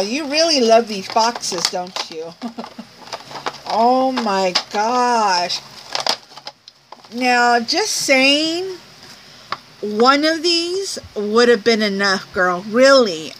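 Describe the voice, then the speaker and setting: A woman's voice: on the high side, very slow, background noise. A woman vlogger opening a gift package at home at night, gushing and laughing as she shows each item to her viewers. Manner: gushing, excited, laughs often, exclaims over each item. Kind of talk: casual unboxing chat to viewers.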